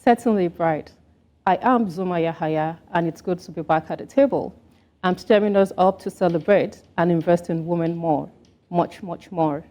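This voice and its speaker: A woman's voice: fairly low pitch, normal speed, dark tone. A woman, co-hosting a TV talk show in an upbeat, rallying tone. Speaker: co-host. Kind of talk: scripted TV talk show introduction.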